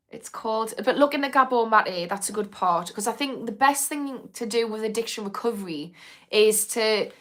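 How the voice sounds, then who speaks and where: A woman, an addiction therapist hosting a casual live-stream Q&A, speaking frankly with swearing and frequent ums. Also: mid-range voice. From Newcastle, north of England. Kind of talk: live-stream Q&A, reading viewer comments.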